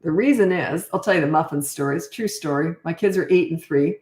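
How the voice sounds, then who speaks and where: A woman's voice: low-pitched, fast talker, darkish tone. Blunt older woman in an echoey room. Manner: blunt, no-nonsense, acts out quoted lines. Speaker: parenting coach. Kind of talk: casual advice talk.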